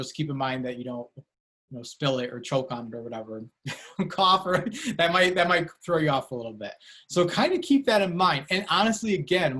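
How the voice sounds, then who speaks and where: A man lectures students over a video call in a loose, conversational way, with a voice pitched a little high. He rambles, restarts his sentences and fills pauses with "um" and "like". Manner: casual, rambling, frequent fillers and self-corrections. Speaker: university lecturer. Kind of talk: online lecture.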